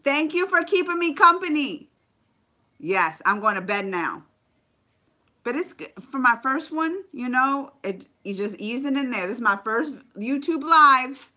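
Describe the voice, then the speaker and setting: A bright, sharp-toned woman chats on a live stream. Her high voice swoops all over as she tells stories and greets viewers by name between anecdotes. She is animated and chatty throughout. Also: unhurried. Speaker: vlogger. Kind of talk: casual live-stream chat.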